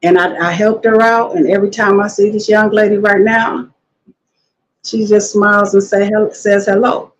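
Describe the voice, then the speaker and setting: Animated woman telling a story, lo-fi. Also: medium pitch, normal speed. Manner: animated storytelling, quotes others in lively voices. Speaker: guest. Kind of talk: casual conversational interview.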